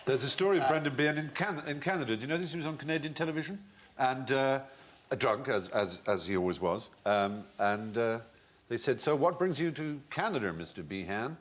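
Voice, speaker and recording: A man's voice: mid-range voice, a little fast. A man hosting a TV panel show, telling comic anecdotes and slipping into mimicked voices. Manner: playful storyteller who slips into mimicked voices. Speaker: quiz show host.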